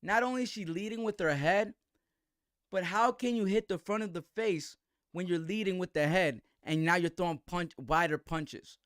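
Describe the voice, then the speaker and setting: A man's voice: sits high, moderate pace, fairly bright tone, dry recording, studio quality. A man hosting a livestream, giving heated, slangy commentary full of restarts. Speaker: host.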